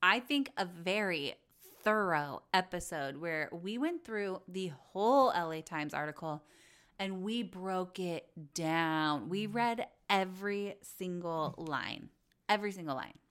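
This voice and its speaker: A woman's voice: fairly low pitch, lively intonation, slow pace, fairly bright tone, smooth. A woman hosting a podcast, chatting casually about reality TV gossip, blunt and full of swearing. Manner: chatty, blunt, swears freely, acts out quotes. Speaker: podcast host.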